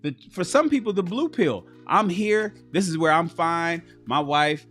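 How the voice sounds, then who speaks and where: A man hosting a livestream who talks in a profane, animated way and acts out the people he quotes. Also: on the high side, a little slow, faint music behind. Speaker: host. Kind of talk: livestream commentary.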